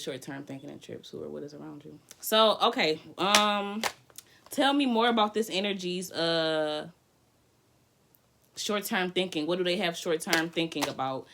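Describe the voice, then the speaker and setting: A woman doing a livestreamed tarot reading. She talks in a hyper, playful, slangy way, swears casually and thinks out loud as she reads the cards. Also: deep voice, vocal fry, noisy background. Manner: slangy, drifting, thinks aloud. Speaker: tarot reader.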